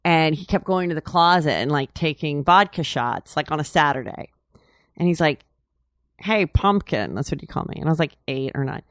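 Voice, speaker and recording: A woman's voice: low voice, fairly quick, no echo, studio quality. A woman talking as an interview guest, rambling and candid, full of "like" and "you know". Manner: chatty and candid, laughs while telling. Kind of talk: casual storytelling interview.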